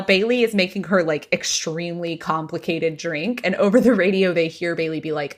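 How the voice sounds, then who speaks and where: A woman's voice: lowish voice, a little fast, hardly any pauses. Woman host telling gossip, chatty. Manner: animated retelling, lots of "like". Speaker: podcast host. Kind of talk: casual gossip storytelling.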